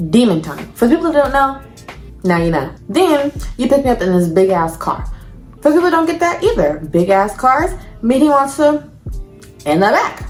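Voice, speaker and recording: A woman's voice: on the high side, roomy sound. A young woman telling a storytime vlog to her viewers in casual slang, addressing them as y'all. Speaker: storytime vlogger.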